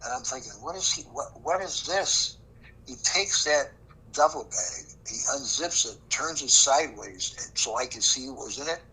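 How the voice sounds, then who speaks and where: A man's voice: medium pitch, expressive, moderate pace, bright, forceful tone, slightly rough, low-quality recording. An older man, a former prosecutor recounting a case in an interview, emphatic and acting out the dialogue. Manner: emphatic, acts out quoted dialogue. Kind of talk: storytelling interview.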